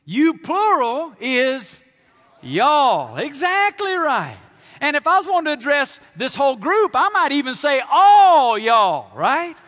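A man from Alabama with a Southern accent, preaching a sermon as pastor, emphatic and animated with playful asides to the congregation. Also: very high voice, moderate pace. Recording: long hall reverb.

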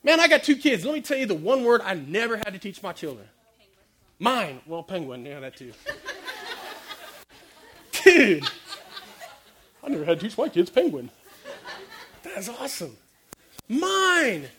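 A man giving a lively comic sermon, quizzing the crowd and acting out little stories. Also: high voice, measured pace, long pauses. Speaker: preacher speaking to a youth audience.

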